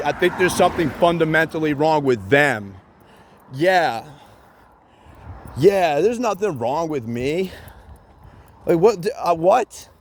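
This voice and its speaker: A man's voice: on the high side, expressive, slow pace, pauses often, slight background noise. A man in a rambling solo rant, agitated and profane, repeating himself with many fillers and bits of sarcasm.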